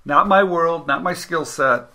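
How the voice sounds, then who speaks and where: Male interview host with a fairly high, gravelly, sharp and very bright voice; tells anecdotes and acts out the dialogue. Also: measured pace. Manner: storytelling, acts out quoted dialogue. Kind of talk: casual interview chat.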